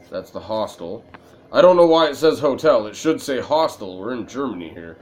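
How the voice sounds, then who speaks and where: A man's voice: mid-range voice, big pitch swings, normal speed, darkish tone. A man casually commenting as he plays a video game, joking, profane and rambling. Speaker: let's play gamer.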